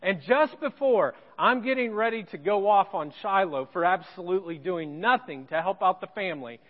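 A pastor telling a personal story in a sermon, with self-deprecating humor. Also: male voice, high-pitched, expressive, normal speed, long reverb tail, muffled recording. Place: church sanctuary.

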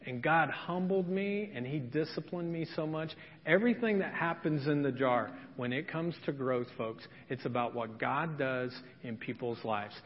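A man's voice: medium pitch, normal speed, few pauses. A male pastor preaching a sermon in an earnest storytelling manner. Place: church sanctuary. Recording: reverberant church hall, dull sound.

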